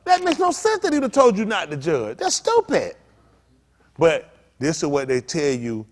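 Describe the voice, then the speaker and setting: A middle-aged male pastor preaching in a lively, story-driven way. His voice sits a little high and leaps all over the place. He drops to a mutter, then bursts out loud, and acts out the voices of the people in his stories. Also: normal speed. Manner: animated, swings from low mutters to loud outbursts; quotes others in acted voices, repeats phrases.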